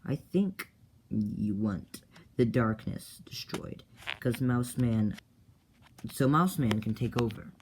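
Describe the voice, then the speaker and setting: A man's voice: medium pitch, expressive, darkish tone, a little hiss or hum, rough recording. A man voicing a grieving, suspicious male fighter who stammers. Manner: halting, stammering delivery.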